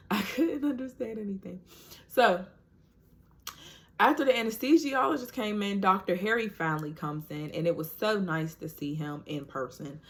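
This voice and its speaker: A woman's voice: mid-range voice, moderate pace. A woman vlogger telling a personal story to camera in a chatty, casual way, full of "like" and "you know," talking straight to her viewers.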